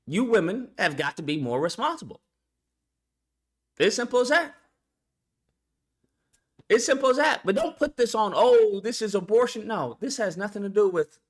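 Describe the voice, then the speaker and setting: Bright, animated man ranting. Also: high-pitched. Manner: profane, blunt, full of rhetorical questions. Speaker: vlogger. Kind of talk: ranting commentary.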